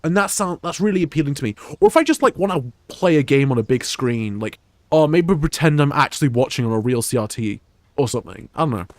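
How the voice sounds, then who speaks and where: A man's voice: mid-range voice, animated, quick pace, no echo. A young British man with an English accent that has Scottish touches, rambling casually as he streams a game. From United Kingdom. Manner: rambling, many fillers and restarts. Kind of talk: casual gameplay chat.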